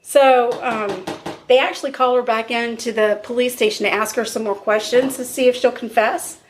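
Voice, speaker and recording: Woman, podcast co-host, fairly high voice, casual true-crime storytelling, acts out quotes. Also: normal speed, slight background noise. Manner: lively retelling with quoted dialogue.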